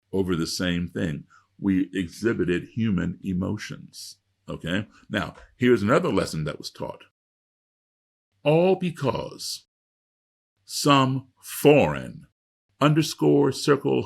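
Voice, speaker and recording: Husky gravelly man, emphatic storyteller. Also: fairly low pitch, darkish tone. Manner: emphatic, lecturing repetition. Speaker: guest speaker. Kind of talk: storytelling interview.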